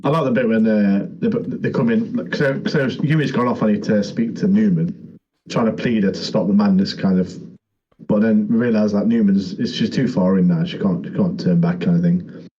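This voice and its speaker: A man's voice: lowish voice, normal speed, lo-fi sound. A man co-hosting a podcast, talking casually and laughing as he recaps scenes. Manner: relaxed, laughing, quoting scenes. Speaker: podcast co-host. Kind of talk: casual chat.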